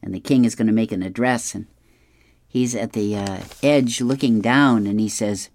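A reader going through an advice column and the comics aloud, chuckling often in an unhurried way. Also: medium pitch, darkish tone.

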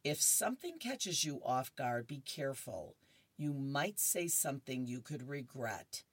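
A woman's voice: extremely low pitch, husky, dry recording. A woman reading horoscopes and newspaper comics aloud in a chatty, amused way, adding asides and laughing between strips. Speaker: radio-style reader of horoscopes and comics.

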